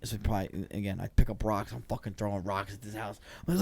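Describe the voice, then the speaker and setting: A man from New Jersey, a former football player guesting on a podcast, telling stories in a swearing, animated, stumbling way. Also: fairly low pitch, creaky, dry recording. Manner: profane, animated storyteller with quick restarts. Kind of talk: casual storytelling chat.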